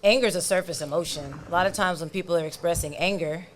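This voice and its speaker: A woman therapist talking in a casual podcast chat, explaining things calmly and breaking into laughing bursts. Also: lowish voice, fast talker. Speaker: therapist guest.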